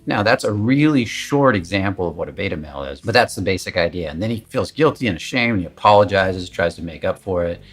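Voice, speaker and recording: A man with a low, slightly husky voice talks candidly as a confidence coach. His delivery is emphatic and conversational, with the odd curse word. Faint music sits under him. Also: expressive, fast talker, hardly any pauses, fairly bright tone. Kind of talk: casual coaching talk to camera.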